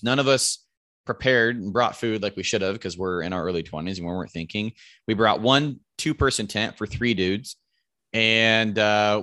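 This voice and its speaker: Bright-voiced man telling a rambling hunting story. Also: fairly low pitch, dry recording, studio quality. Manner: rambling, profane, quotes friends in raised voices. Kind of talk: casual storytelling about hunting.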